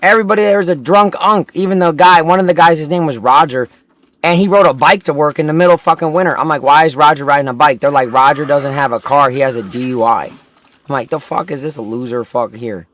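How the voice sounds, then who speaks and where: A man's voice: a little high, fast talker, a bit bright. A young man in his twenties, a gaming livestreamer, telling a long story in casual chat, swearing heavily and acting out what the people in it said. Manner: profane, ranting, acts out quoted people.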